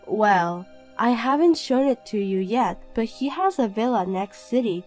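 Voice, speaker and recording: A woman voicing a calm young woman in an animated story who answers back coolly and pointedly. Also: fairly high pitch, unhurried, soft background music. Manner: cool, pointed replies.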